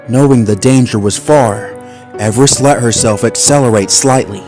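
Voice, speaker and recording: A man narrating a suspenseful animal story in a measured, scripted way. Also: medium pitch, a little mellow, faint music behind.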